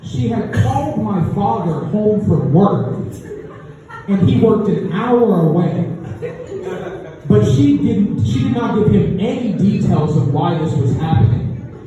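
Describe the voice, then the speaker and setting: A man's voice: high voice, lively intonation, takes it slowly, a crowd in the background. A young man performing a stand-up comedy set in a club, telling a story with lots of filler words. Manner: conversational storytelling with many fillers. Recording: echoey far-off club recording, dull.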